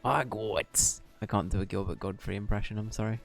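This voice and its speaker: A man's voice: lowish voice, level tone, rapid-fire, creaky, a little mellow, faint music behind. A man streaming a game live, chatting with viewers in a giggly, self-deprecating way.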